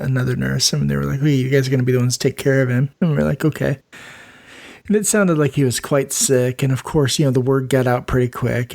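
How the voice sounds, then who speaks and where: A man's voice: medium pitch, gravelly, darkish tone. A man, the host of a nursing podcast, telling work stories casually and laughing often. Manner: laid-back, laughs often, acts out quoted voices. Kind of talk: casual storytelling chat.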